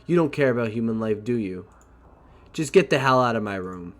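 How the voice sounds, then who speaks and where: A man's voice: mid-range voice, expressive, fairly quick, slight background noise, natural voice. A man reading the lines of an angry young woman from a game, indignant and scolding.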